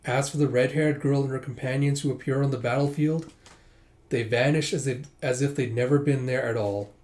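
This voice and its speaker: A man's voice: medium pitch, steady tone, brisk, a little mellow. Brief: man, casual read-aloud narrator, conversational, fillers. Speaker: manga reader and narrator.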